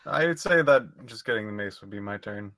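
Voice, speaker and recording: A player at a tabletop game who talks casually and laughs often, with a husky voice. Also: medium pitch, lively intonation, fairly quick, fairly bright tone.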